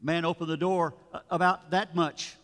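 A man's voice: fairly high pitch, fairly even intonation, moderate pace, fairly bright tone. A man, a pastor, giving a sermon in a storytelling, conversational way, with asides to his listeners. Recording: long reverb of a large room.

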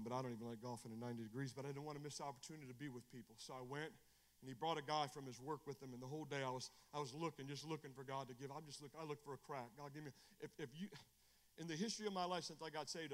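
A middle-aged male evangelist preaching fervently at a Bible study. He repeats phrases and restarts often, and shifts from loud bursts to low, confiding talk.

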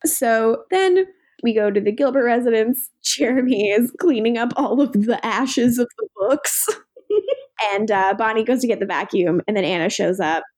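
A woman's voice: a little high, normal speed, a little mellow. A woman co-hosting a podcast, recapping a TV episode in casual chat, giggly and sarcastic, acting out quotes. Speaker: podcast co-host.

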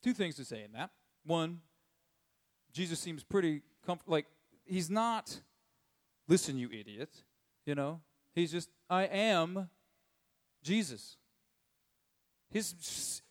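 A male preacher talking through scripture in a loose, conversational way, chuckling as he goes. His voice sits a little high for a man. He slips into quick voices for the people in the story. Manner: chuckles often while telling the story; acts out characters' lines in quick voices. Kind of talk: conversational sermon.

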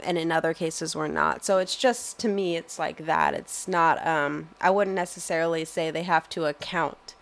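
A woman's voice: lowish voice, a bit bright. A young woman answering interview questions in a thoughtful, hesitant way, full of fillers and restarts.

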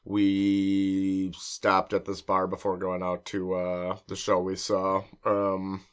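A man's voice: deep voice, monotone, slow, clean tone. A young man co-hosting a casual food podcast, rambling with lots of fillers while he eats. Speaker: podcast co-host. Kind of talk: casual chat while eating.

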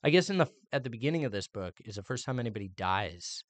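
A middle-aged man co-hosting a casual podcast chat, animated and teasing. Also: mid-range voice, fast talker, no room sound. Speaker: podcast co-host, father.

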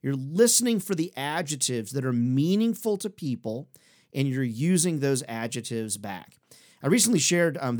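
A man giving an energetic sales training talk, emphatic and direct, acting out short exchanges with clients. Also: mid-range voice. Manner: energetic, emphatic, role-plays clients in quick asides.

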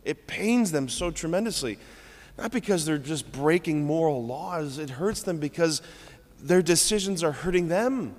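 A man's voice: a little high, expressive, a little slow, big-room sound. A man, a Catholic priest, giving a conversational homily at mass, informal and often checking in with "right?". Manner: acts out scripture lines in different tones. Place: church.

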